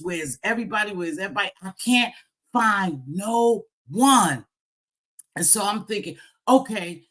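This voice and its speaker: A woman's voice: medium pitch, fairly bright tone. A woman hosting a casual livestream, talking straight to her viewers in a playful, teasing way with lots of exclamations. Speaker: livestream host. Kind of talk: casual live chat.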